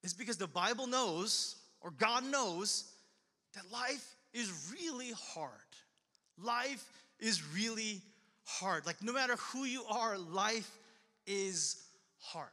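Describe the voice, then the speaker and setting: High, bright-voiced man preaching casually. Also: expressive, slow pace. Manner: casual, earnest preaching with repeated phrases and fillers. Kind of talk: sermon. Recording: long hall reverb.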